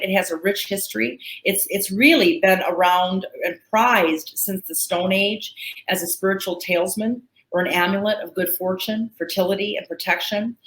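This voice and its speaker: A woman's voice: on the low side, fairly bright tone, roomy sound, rough recording. A woman hosting a live sales show, chatting in a folksy way about crystals. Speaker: host selling crystals.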